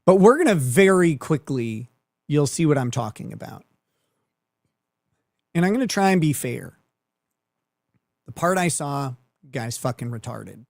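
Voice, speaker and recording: A man's voice: a little high, sing-song, a little slow, creaky, long pauses, dry recording, clean studio sound. A man hosting a commentary show, talking in a sarcastic, profane way and laughing often. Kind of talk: mocking online commentary.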